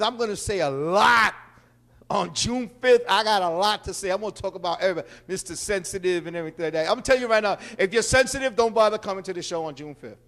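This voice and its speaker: Puerto rican guy hosting, super high voice, brash jokey rant with loud bursts. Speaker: host. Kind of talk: stand-up style monologue.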